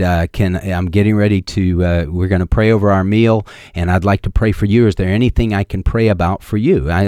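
A man's voice: sits low, a little mellow, no echo, clean studio sound. A middle-aged man preaching a sermon as a pastor, telling homespun stories with emphatic repeated lines.

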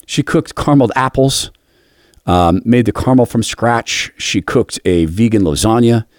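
A man's voice: mid-range voice, animated, normal speed, no echo, studio quality. A middle-aged man hosting a devotional radio talk, telling a personal story in an earnest, confessional way. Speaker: radio host.

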